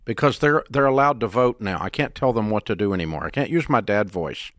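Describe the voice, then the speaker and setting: A man's voice: lowish voice, animated, brisk, fairly bright tone, no room sound, studio quality. Blunt older man hosting radio advice. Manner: blunt, emphatic, folksy. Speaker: radio show host. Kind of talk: call-in advice talk.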